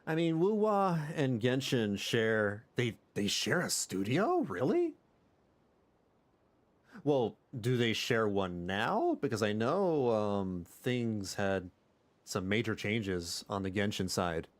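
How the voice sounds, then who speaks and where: A young man casually commenting on a game while livestreaming, with chatty, animated reactions. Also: fairly low pitch, slow. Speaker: streamer.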